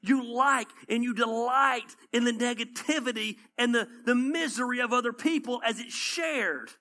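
A man's voice: very high voice, moderate pace, pushed and bright. A man with a Southern accent preaching a conversational sermon as pastor. He tells stories with energy and repeats his points for emphasis.

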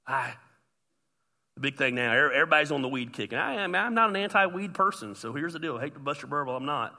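A man preaching with a high, very bright, sharp voice. He is animated, jumping between loud shouts and quiet, gentle asides. His words ring with the long reverb of a big hall. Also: fast talker. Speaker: pastor. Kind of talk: sermon.

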